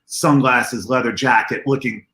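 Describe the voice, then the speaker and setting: A convention organizer appearing as a livestream guest tells stories with great excitement, his medium-pitched voice keeping a measured pace. The room is echoey, and he raises his voice to act out the dialogue.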